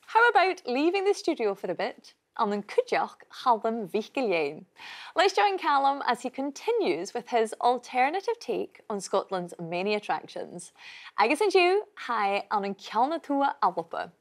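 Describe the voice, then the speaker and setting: A woman hosting a language programme, bright and bilingual. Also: fairly high pitch, normal speed. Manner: bright, lively, switching between languages. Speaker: host. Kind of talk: studio presenting.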